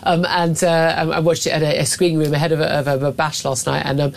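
A woman hosting a talk radio show, brisk and sardonic, chatting with asides from a studio, a little worse for wear. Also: sits low, little pitch movement, creaky. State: a bit hungover. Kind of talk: opinionated casual talk radio.

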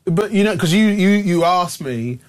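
A man's voice: high voice, lively intonation, normal speed. A man in a radio studio giving his view as a political commentator, earnest and chatty. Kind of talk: radio studio guest discussion.

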